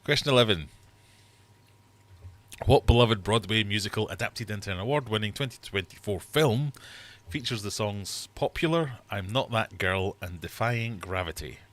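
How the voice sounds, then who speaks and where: A man's voice: fairly low pitch, normal speed, fairly bright tone. A middle-aged man hosting a casual livestream quiz from his fish room, chatty and jokey as he reads out questions and scores. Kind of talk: casual live quiz chat.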